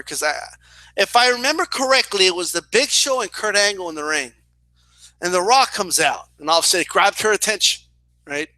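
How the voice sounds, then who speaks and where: A young man telling a story in a casual, animated way, swearing and often asking "right?". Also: high-pitched, no room sound. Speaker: boxing and wrestling commentator.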